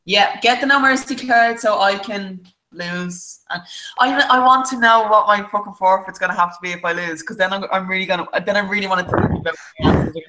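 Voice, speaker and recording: A podcast co-host talking in a dramatic, excitable, sweary way. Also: mid-range voice, brisk, low-quality recording. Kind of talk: casual podcast chat.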